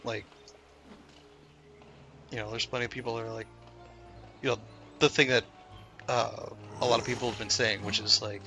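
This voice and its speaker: Gravelly, bright-toned man chatting. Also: mid-range voice, flat delivery, normal speed, long pauses, soft background music. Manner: rambling, profane, lots of fillers. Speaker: gaming streamer. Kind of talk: casual chat while gaming.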